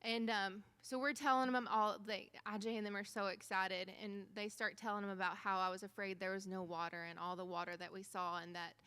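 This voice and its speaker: A woman telling an animated church testimony about a mission trip, acting out quoted dialogue as she goes. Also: mid-range voice, brisk, few pauses, clean tone. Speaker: missionary speaker.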